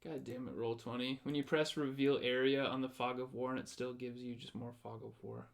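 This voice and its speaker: A man's voice: medium pitch, flat delivery, a little fast, vocal fry. A man running a tabletop game as game master, narrating the action and explaining the rules as he goes.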